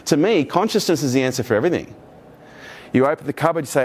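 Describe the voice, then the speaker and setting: A middle-aged man gives a motivational keynote to a live audience, his voice sitting a little higher than most men's. He talks with energy and swears freely. He keeps turning to the room with questions and jokes. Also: fast talker, slightly rough. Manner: energetic, profane, jokey, asks the audience questions. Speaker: keynote speaker.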